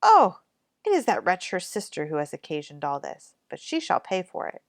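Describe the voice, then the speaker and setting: A woman voicing a sharp, scolding mother in a storybook read-aloud, brusque and shrill. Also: very animated, fairly quick, dry recording, studio quality.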